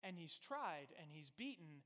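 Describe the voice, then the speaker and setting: A man preaching a sermon as pastor, telling the story conversationally and swinging between loud bursts and quiet, hushed lines. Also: a little high, sing-song, measured pace, in a large hall, a little hiss or hum.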